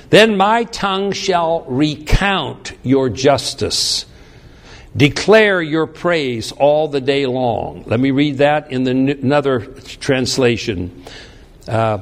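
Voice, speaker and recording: A man delivers a bible teaching sermon in a slightly higher voice. He speaks slowly and deliberately, reading verses aloud and then unpacking them. He often restarts his phrases as he goes. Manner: unhurried, reads scripture aloud then explains, frequent restarts. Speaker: preacher.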